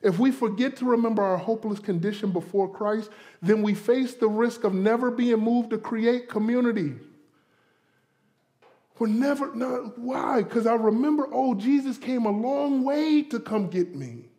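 A man from Florida preaching a sermon to a congregation, conversational and animated, acting out inner voices and playful asides. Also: very high-pitched, normal speed. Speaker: pastor.

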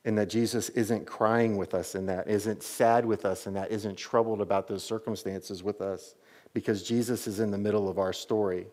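A man's voice: lowish voice, steady tone, moderate pace, darkish tone. A man preaching a sermon to his church as pastor, telling the story animatedly with many casual "like"s.

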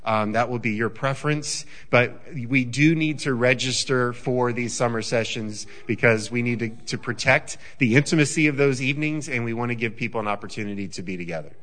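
A male pastor runs through announcements from the front of a church. His tone is bright and crisp, at an ordinary middle pitch, and he moves along briskly with only a few ums. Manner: brisk, organized, with occasional fillers. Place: church sanctuary.

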